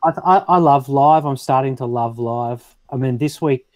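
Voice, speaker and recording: A man's voice: medium pitch, moderate pace, darkish tone, no echo. A man co-hosting a casual live-stream chat, joking and self-deprecating.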